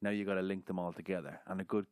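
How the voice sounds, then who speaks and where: Low-voiced easygoing man host. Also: steady tone, rapid-fire, a little mellow, clear, resonant tone, dry recording, studio quality. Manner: easygoing, asks questions, agrees often. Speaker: podcast host. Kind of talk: casual podcast chat.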